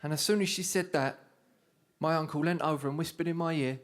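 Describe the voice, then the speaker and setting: A man's voice: a little high, a little fast. A young man with an Essex accent doing a stand-up comedy set, telling cheeky stories with punchlines. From England. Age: young adult. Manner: cheeky storytelling with punchlines, shouted put-on voices. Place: comedy studio stage with live audience.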